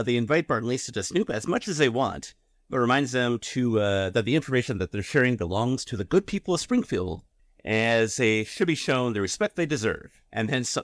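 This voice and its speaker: A man's voice: medium pitch, no room sound. A man co-hosting a podcast in casual chat, hesitant with restarts and a dry, joking tone. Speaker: podcast co-host.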